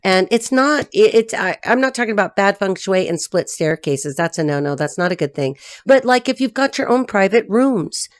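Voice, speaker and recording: A woman reading tarot who chats off the cuff, rambling and swearing freely, laughing often and jumping between low asides and high excited bursts. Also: moderate pace, hardly any pauses. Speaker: tarot reader and life coach. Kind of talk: casual unscripted chat to camera.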